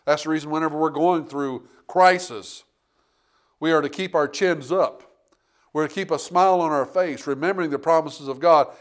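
A man's voice: fairly high pitch, normal speed. Emphatic preaching male pastor. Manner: emphatic preaching with rising bursts and dramatic quoted voices. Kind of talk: sermon.

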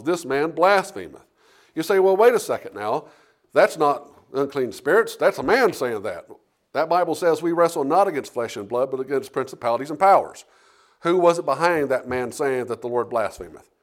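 A man preaching to his church, reading verses aloud and explaining them with restarts and questions to the listeners. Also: on the high side. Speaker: pastor. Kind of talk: sermon, reading scripture and preaching.

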